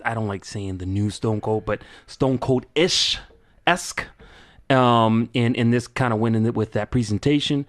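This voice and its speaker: A man chatting about wrestling on a podcast with plenty of energy. He talks in a loose, casual way and keeps repeating words as he builds up to his point. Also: mid-range voice. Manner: excitable, repeats words when starting. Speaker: podcast co-host.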